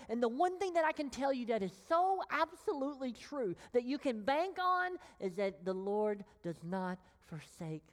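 A woman pastor preaching a sermon with emphatic pauses, sinking to a whisper on key words. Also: a little high, sing-song, long reverb tail. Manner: slow, emphatic delivery with long pauses, dropping to a whisper on key phrases.

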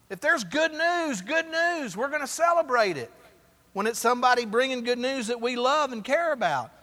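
Man pastor, high bright voice, preaching sermon with call-and-response, church hall reverb. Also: expressive, normal speed.

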